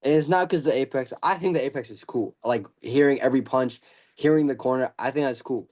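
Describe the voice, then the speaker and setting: Eager eighteen-year-old host, fan chat. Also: male voice, medium pitch, fairly quick, a little mellow. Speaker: podcast host. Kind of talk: casual interview chat.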